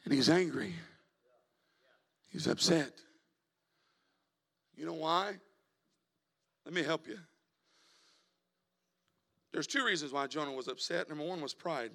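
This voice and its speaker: A male evangelist, preaching a sermon in a church, moving from quiet talk to shouted preaching. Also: fairly high pitch, takes it slowly, vocal fry, long pauses. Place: church sanctuary.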